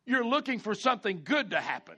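High bright-voiced preacher man. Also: big pitch swings. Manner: folksy preaching with call-outs, repeats and drawn-out emphasis. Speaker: pastor. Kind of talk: sermon.

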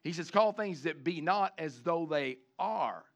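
A man preaching a sermon, animated, switching between chatty asides and loud shouted lines, acting out the people he quotes. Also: a little high, measured pace. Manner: acts out the congregation and the people he quotes. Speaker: pastor.

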